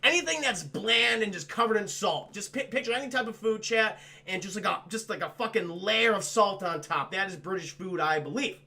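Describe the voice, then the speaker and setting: Gravelly high-voiced profane streamer. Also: male voice, lively intonation, brisk, few pauses, sharp tone. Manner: profane, rambling, mocking impressions. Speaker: streamer reviewing a film with chat. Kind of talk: crude comedic film recap.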